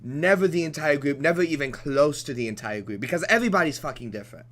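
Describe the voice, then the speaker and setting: A young man on his game stream breaks into a heated, profanity-laced rant, tripping over his own phrasing and laughing it off. His voice sits a little high and leaps around in pitch as he gets worked up. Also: lively intonation, fast talker, fairly bright tone. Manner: impassioned, profane, rambling with restarts and laughs. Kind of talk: off-topic rant during a let's play.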